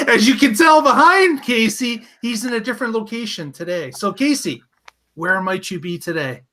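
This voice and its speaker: A man's voice: extremely high pitch, animated, normal speed, pushed and bright. A man hosting a casual panel show over a video call, upbeat and joking as he introduces the panel. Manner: upbeat, jokey, emcee-like. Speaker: show host.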